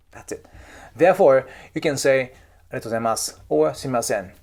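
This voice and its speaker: A man's voice: mid-range voice, fast, gravelly, darkish tone. A man with a Japanese accent, giving casual advice to camera, chatty and emphatic, often checking in with "right?" and "okay?". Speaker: YouTube host and cultural coach.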